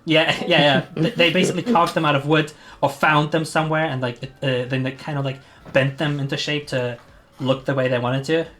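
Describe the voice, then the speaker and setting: A man's voice: fairly high pitch, fairly even intonation, brisk, few pauses, a bit bright. A man running a tabletop game as game master, narrating in a rambling way full of fillers while he searches for words.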